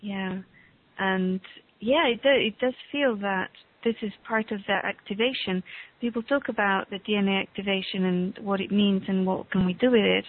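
A woman speaking as a guest on a call, talking slowly and haltingly as she reaches for words. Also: mid-range voice. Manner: slow, halting, searching for words. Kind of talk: casual conversation on a call. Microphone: call audio. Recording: tinny phone-line call.

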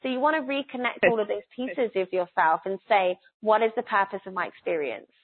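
A woman guides a listener through a spiritual reading in a soft, coaxing voice, lingering on the phrases that matter most. Her voice sits at an ordinary middle pitch. She comes through a laptop call, so the sound is thin and tinny, like a phone line. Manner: soft, earnest, coaxing, slows down on key phrases. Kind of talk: live online spiritual reading. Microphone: laptop on a video call.

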